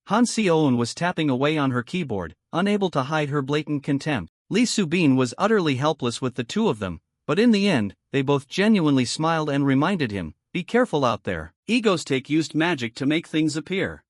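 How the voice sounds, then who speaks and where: Higher-voiced man narrating a comic recap. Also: sing-song, moderate pace, few pauses, dry recording, studio quality. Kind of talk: scripted story narration.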